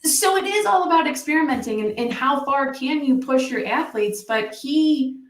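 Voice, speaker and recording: A woman talking as a coach and interview guest, telling stories in a lively way and acting out quoted dialogue. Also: sits high, reverberant, far from the mic. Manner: animated storytelling, quick restarts, acts out quoted dialogue. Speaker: mental performance coach, guest. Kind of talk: casual interview conversation.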